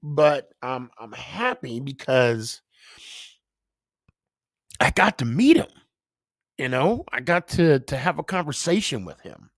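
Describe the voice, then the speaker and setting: Halting, unhurried man on a dry mic. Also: mid-range voice, very animated, gravelly, no echo. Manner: halting, full of fillers and restarts. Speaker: podcast host. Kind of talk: casual emotional monologue.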